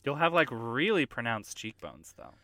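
A man co-hosting a podcast in casual chat, with sardonic, quick-witted banter. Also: mid-range voice, big pitch swings, bright, forceful tone, dry recording. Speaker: podcast co-host.

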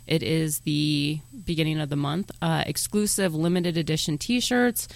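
Gravelly-voiced podcast host, casual. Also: male voice, fairly high pitch, steady tone, moderate pace, no room sound. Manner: joking, plugging the show.

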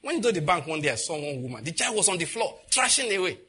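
A man preaching a sermon as pastor, animated and laughing as he acts out what others say. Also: on the high side, rapid-fire, husky.

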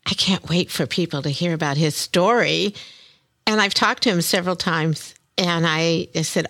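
An older woman hosting a podcast, bubbly and quick to laugh as she chats casually. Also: lowish voice, fairly bright tone. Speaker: podcast host.

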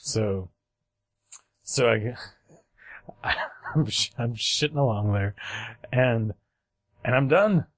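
A man's voice: mid-range voice, slow pace, long pauses, no echo. Man telling a rambling story, dry sound. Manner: rambling, acts out quoted voices, laughs at own story. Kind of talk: casual storytelling chat.

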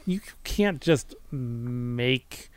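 A man's voice: mid-range voice, animated, drawn-out words, no room sound. A man in casual chat, talking hesitantly with many restarts and fillers. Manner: hesitant, restarts, lots of "like" and "I mean".

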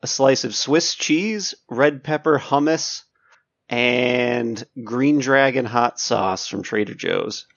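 A man's voice: mid-range voice, slow, gravelly, fairly bright tone, muffled recording. A man co-hosting a podcast, teasing and contrarian. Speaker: podcast co-host. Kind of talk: casual chat.

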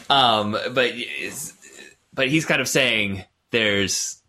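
A man's voice: medium pitch, lively intonation, drawn-out words, bright, forceful tone. A man co-hosting a podcast, talking casually about a film with frequent laughs and fillers. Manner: chatty, laughs often, many fillers. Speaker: podcast co-host.

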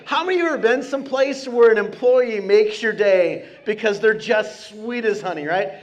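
Standing in the church sanctuary, a male pastor delivers a sermon to his congregation in an earnest, conversational way. His voice sits high, and he slows sharply on the key phrases.

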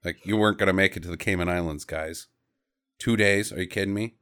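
A man's voice: sits low, fairly even intonation, fast, fairly bright tone, clear, resonant tone. A man co-hosting a podcast, recapping a movie in casual, jokey chat and mimicking the characters. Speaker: podcast co-host.

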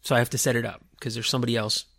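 A man's voice: medium pitch, flat delivery, rapid-fire, gravelly, a bit bright. A man co-hosting a casual film chat, joking and stammering at the starts of sentences.

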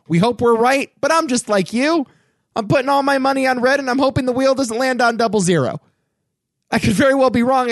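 A man's voice: high-pitched, no room sound, clean studio sound. A man hosting a pop culture commentary show, talking with a wry, dramatic, mock-solemn delivery. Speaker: host.

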